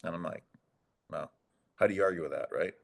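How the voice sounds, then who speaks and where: Older man, podcast guest, casual storytelling, rambling, acts out quotes, lowish voice. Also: a little fast, creaky. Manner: rambling anecdotes, acts out quoted dialogue, chuckles often. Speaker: podcast guest, former hockey player.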